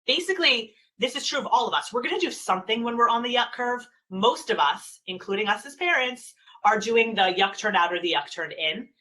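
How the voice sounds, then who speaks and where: Bright clear woman doing a parenting webinar over a video call, animated, does little voices for kids and parents. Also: a little high, fairly quick, few pauses, low-quality recording. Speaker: parenting expert giving a webinar talk. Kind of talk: webinar presentation.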